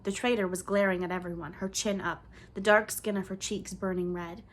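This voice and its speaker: A woman's voice: mid-range voice, steady tone, brisk. Woman narrating a storybook. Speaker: audiobook reader.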